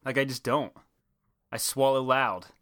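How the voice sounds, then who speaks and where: Speaking a little slowly with fairly even intonation, a young male podcast co-host chats casually and rambles, full of fillers and restarts. His medium-pitched voice has a fairly bright tone, and the studio recording is clean with no room sound.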